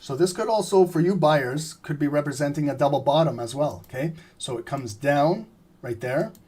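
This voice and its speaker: A man giving live trading commentary, explaining steadily and often clearing his throat as he says he is losing his voice. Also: on the high side, normal speed. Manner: steady explanatory, repeats "remember" and "right?". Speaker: trading streamer.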